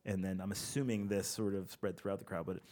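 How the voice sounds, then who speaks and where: A man with a fairly low voice chats casually in a podcast studio. He tells stories with animation and laughs easily between lines. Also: flat delivery, quick pace, dark tone. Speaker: podcast host.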